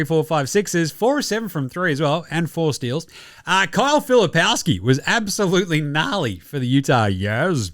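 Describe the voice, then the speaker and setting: Sweary excitable Aussie bloke. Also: male voice, sits high, dry recording, clean studio sound. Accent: Australian. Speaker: basketball podcast host. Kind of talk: casual sports commentary rant.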